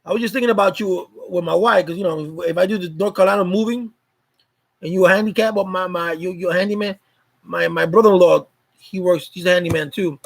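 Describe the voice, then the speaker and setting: Male live streamer with a high voice, chatting casually and greeting viewers by name. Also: fast talker, gravelly, rough recording. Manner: loose, greets viewers by name, repeats words.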